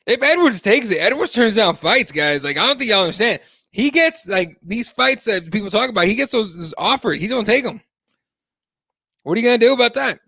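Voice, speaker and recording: A man's voice: sits high, animated, a little fast, creaky, pushed and bright, no room sound, studio quality. A man hosting a live MMA talk show, chatting casually and animatedly, swearing freely and reading viewer comments aloud. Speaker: host.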